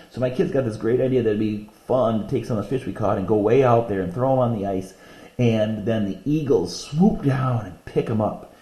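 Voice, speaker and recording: A man's voice: on the low side, dark tone. Man, teacher, lesson video, reads poems aloud, echoey room. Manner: explains words and reads poems aloud slowly. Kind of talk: recorded classroom lesson video.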